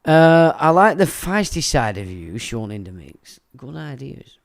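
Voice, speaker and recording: Man, livestream host, crude profane rant, slightly high voice, swooping pitch. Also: sing-song, unhurried, vocal fry. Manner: laughs while talking. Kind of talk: casual livestream chat, reading viewer comments.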